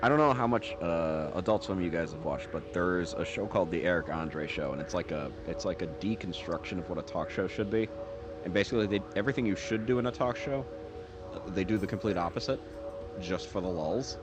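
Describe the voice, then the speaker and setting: A man's voice: low-pitched, brisk. A man streaming a game, rambling through casual commentary and laughing stories. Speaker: gaming streamer. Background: game music.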